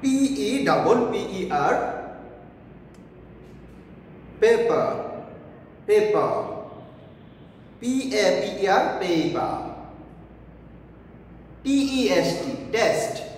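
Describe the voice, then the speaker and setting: Teacher repeating every phrase. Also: male voice, sits high, big pitch swings, slow pace, a little hiss or hum. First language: Bengali. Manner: repeats each phrase, checks with "okay?" and "clear?". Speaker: English lecturer. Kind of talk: classroom lesson. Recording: echoey room, voice far from the mic.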